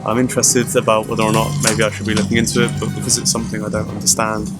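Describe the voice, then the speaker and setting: A man's voice: on the low side, monotone, very fast. A man answering a street interview, thoughtful and hesitant. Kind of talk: vox pop answer. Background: music.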